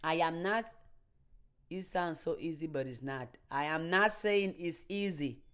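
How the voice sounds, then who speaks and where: A woman's voice: low-pitched, unhurried. Emphatic woman giving a motivational talk. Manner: emphatic and repetitive, building phrases in a chain. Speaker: motivational speaker. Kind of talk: motivational monologue.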